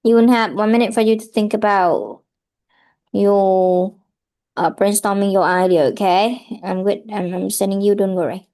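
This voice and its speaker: A woman's voice: mid-range voice, fairly even intonation, normal speed, warm tone. A woman, tutoring English over a video call and giving patient, corrective feedback. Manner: patient, corrective, repeats "okay?" often. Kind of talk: feedback in an online speaking lesson.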